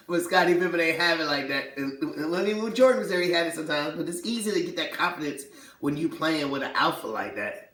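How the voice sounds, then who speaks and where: A man hosting casual sports talk, animated and slangy, who laughs a lot and acts out quotes. His voice sits a bit high for a man. He sounds set back from the mic in a roomy, echoey space. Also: fast talker, distant mic.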